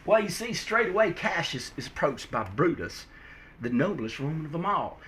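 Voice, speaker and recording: A man's voice: high voice, expressive, fairly quick, fairly bright tone. A man hosting and telling a comic folk-tale with a put-on Southern drawl, folksy and playful. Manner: folksy, playful, hammy voice switching. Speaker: host and storyteller.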